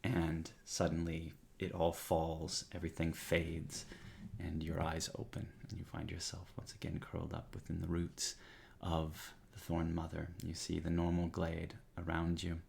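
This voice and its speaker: A man narrating as game master of a tabletop game, describing scenes with frequent pauses and fillers. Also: deep voice, completely flat delivery, vocal fry, darkish tone. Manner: descriptive, hesitant with many fillers.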